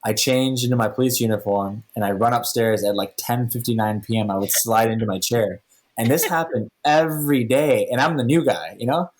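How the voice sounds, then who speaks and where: A man who is a podcast guest, telling stories in a casual, animated way and acting out the dialogue. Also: mid-range voice, brisk. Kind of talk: casual storytelling.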